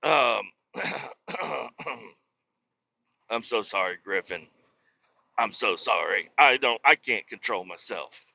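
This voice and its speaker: A man's voice: on the low side, takes it slowly, creaky, pauses often, lo-fi sound. A man in his thirties hosting a podcast, talking casually and swearing often while he rambles from his car. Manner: animated, rambling, swears often, laughs a lot. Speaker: podcast host. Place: driving in a car on a bumpy road.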